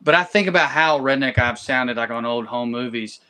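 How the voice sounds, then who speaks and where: A man's voice: mid-range voice, normal speed, sharp tone. A man with a light Southern accent chats as a podcast co-host. He is laid-back and teasing, with a mid-range voice. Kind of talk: casual chat.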